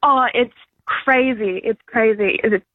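A woman calling in to a radio show, an excited music fan. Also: fairly high pitch, unhurried, no echo. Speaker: caller. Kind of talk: casual phone-in chat. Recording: dull phone line.

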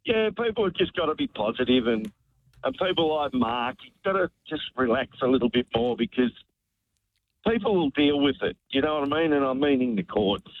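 A man's voice: mid-range voice, animated, brisk, dry recording. An Australian man calling a talkback radio show, telling a heartfelt story in a rambling way that repeats words. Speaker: radio caller. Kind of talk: emotional talkback call. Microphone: telephone. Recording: tinny phone line, dry.

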